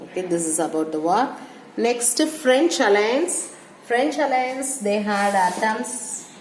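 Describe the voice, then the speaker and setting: A woman teacher giving a history lecture, halting and restarting her phrases and repeating dates as she explains. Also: medium pitch, animated. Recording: echoey room with faint hum.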